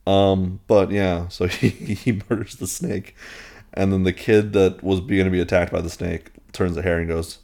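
A man's voice: low-pitched, fairly even intonation, normal speed, gravelly, a little mellow. A man giving a casual, rambling film recap with a playful, irreverent tone and lots of filler words.

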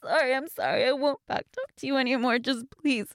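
A woman voicing a defiant young waitress in a scripted audio role-play, teasing and sarcastic, then pleading, with a breathy voice. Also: a little fast, slight background noise, natural voice. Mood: bratty. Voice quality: breathy, swings between low murmurs and high cries.

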